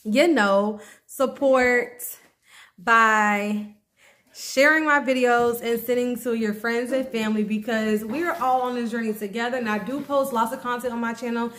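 A woman's voice: on the high side, steady tone, brisk, few pauses, a bit bright, roomy sound. A young adult woman vlogging casually to camera, chatty and promotional, with many fillers. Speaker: YouTube vlogger. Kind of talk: casual vlog talk to camera.

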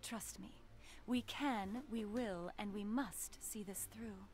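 An actress voicing a calm, reassuring woman in a mystery game, speaking in a soothing but firm way. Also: medium pitch, slow, close to an everyday voice. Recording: game audio under music.

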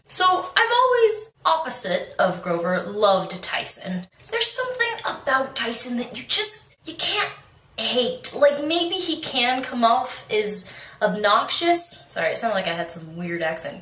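A woman's voice: a little high, wildly swooping pitch, moderate pace, a bit bright, distant mic. A young woman chatting casually in a book review vlog, bubbly and rambling, with plenty of restarts and laughs. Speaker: book vlogger. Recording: echoey room, away from the mic.

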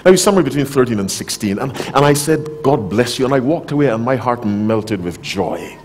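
A man preaching a sermon to a conference audience, talking directly, asking the crowd questions, and swinging between loud emphasis and soft, low asides. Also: animated, fairly quick, faint music behind. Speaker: pastor. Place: conference hall, live audience.

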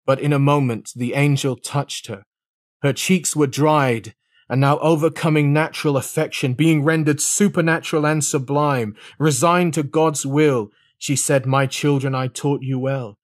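A man's voice: a little high, steady tone, a little slow, no echo, studio quality. A man reading an old sermon aloud in a solemn, dramatic preaching manner. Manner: solemn, dramatic, shifting pace. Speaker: sermon reader.

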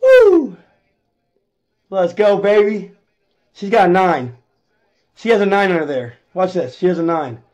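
A man live-streaming his gambling, swinging between low muttered gloom and loud shouted hype, swearing constantly. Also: normal speed, highs cut off.

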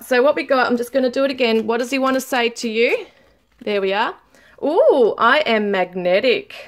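A woman giving a casual tarot reading to viewers, chatty and laughing often, reading card messages aloud slowly. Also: on the high side. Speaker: tarot reader.

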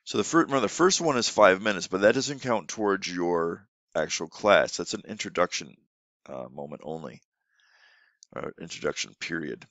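A man's voice: low voice, animated, normal speed, a bit bright, dry recording. A man, an online English teacher, explaining classroom tips in a casual way with frequent restarts. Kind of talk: instructional teaching tips video.

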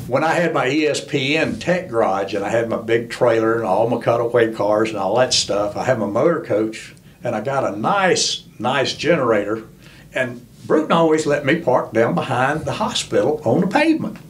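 A man's voice: medium pitch, a little hiss or hum. Folksy older man telling stories. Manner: folksy, animated storyteller who acts out quoted voices. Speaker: interview guest, former crew chief. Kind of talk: storytelling in a podcast interview.

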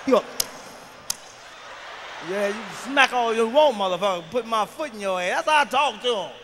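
Male stand-up comic, very high and bright, cursing and shouting; live hall echo, faint noise. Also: lively intonation, a little fast. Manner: profane, shouting, fired-up storytelling. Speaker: stand-up comedian. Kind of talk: stand-up comedy routine.

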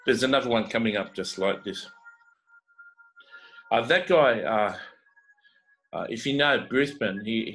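A man casually telling personal faith testimonies as an evangelist, pausing often with fillers and repeated words. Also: lowish voice, fairly bright tone, poor audio.

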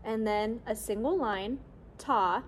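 A young woman teaching children a music lesson on rhythm, cheerful and clear, modeling syllables for them to repeat. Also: a little high, takes it slowly, a little hiss or hum. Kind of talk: classroom lesson video for children.

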